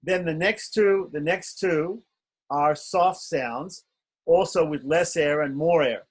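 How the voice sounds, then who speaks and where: Slow, patient man drilling pronunciation. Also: fairly high pitch, breathy edge. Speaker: Sanskrit pronunciation teacher. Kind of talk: online class instruction. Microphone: video call.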